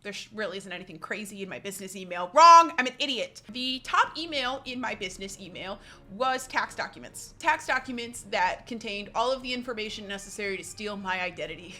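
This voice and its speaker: A woman's voice: on the high side, bright, forceful tone. A young woman telling a story on her vlog, dramatic and self-mocking, acting out her own panicked lines.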